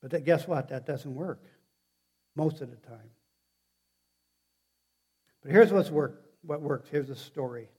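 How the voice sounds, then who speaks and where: On the high side, mellow and slightly rough, this man's voice carries a halting, chatty sermon. The pastor often starts his sentences over and directs questions at the congregation.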